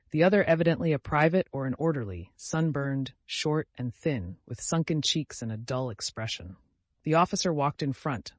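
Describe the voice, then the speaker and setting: A man narrating a classic novel as an audiobook, steady and measured. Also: on the high side, no room sound. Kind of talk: scripted narration.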